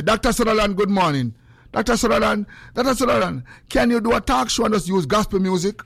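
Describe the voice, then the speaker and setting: A man's voice: sits high, expressive, fast, gravelly, fairly bright tone, dry recording. A man with a Jamaican accent hosting a casual livestream, greeting viewers by name and teasing them playfully. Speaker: livestream host.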